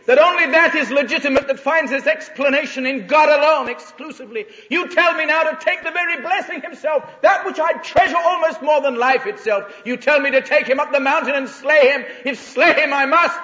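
A preacher voicing fervent Abraham. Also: male voice, extremely high pitch, brisk, hardly any pauses, sharp tone, voice pushed up. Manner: fervent first-person prayer, emphatic. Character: anguished aged patriarch Abraham, torn but resolved. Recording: echoey hall, dull lo-fi sound.

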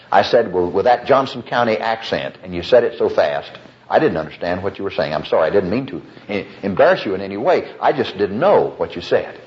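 Storytelling male preacher, lively pitch. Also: a little fast. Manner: storytelling preacher, acts out quoted voices. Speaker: pastor. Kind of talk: sermon. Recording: dull lo-fi recording.

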